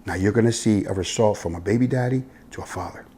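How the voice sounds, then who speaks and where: A man from Miami with a husky voice and a Miami accent, telling stories bluntly in a casual interview, swinging between loud and hushed. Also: lowish voice, fast, a little hiss or hum. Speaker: interview guest, youth football coach. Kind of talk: casual storytelling conversation.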